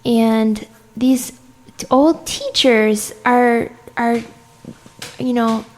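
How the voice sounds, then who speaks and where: A woman comedian on a podcast, telling self-mocking stories in an animated way and laughing often through them. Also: a little high, extremely slow, slight background noise. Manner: many fillers and restarts. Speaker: comedian guest. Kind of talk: anecdotal interview chat.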